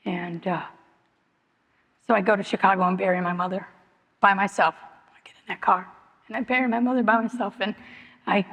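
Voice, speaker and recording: Speaking briskly but with long pauses, a middle-aged woman gives her testimony at a recovery meeting in a hall, repeating herself earnestly and opening up emotionally. Her voice is mid-range, steady in tone and a bit bright. A long hall reverb trails her words.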